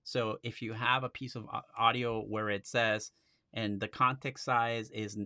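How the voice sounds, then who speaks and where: A man hosting a live stream, walking through a software demo in a casual, chatty way with frequent restarts. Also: on the low side, flat delivery, unhurried, no room sound, studio quality.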